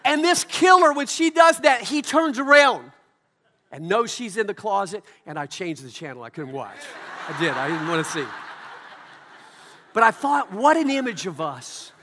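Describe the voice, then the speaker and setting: A man, a pastor, preaching a sermon with emphatic swings from loud peaks to hushed asides. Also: high-pitched, sing-song, normal speed. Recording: long hall reverb.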